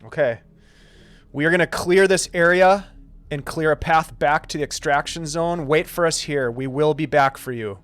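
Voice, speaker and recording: A man playing a tabletop game, speaking calmly as his character. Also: fairly high pitch, moderate pace, clear, resonant tone, faint music behind. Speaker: player.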